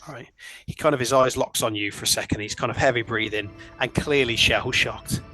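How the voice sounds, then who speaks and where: A man running a tabletop game as dungeon master, narrating scenes in an unhurried, descriptive way. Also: medium pitch, pushed and bright, faint music behind.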